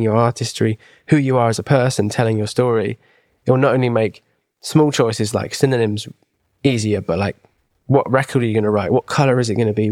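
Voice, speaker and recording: A man's voice: mid-range voice, darkish tone, no room sound. Enthusiastic rambling Englishman, dry close sound. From England. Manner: rambling, enthusiastic, many restarts and asides. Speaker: podcast co-host. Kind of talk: casual podcast chat.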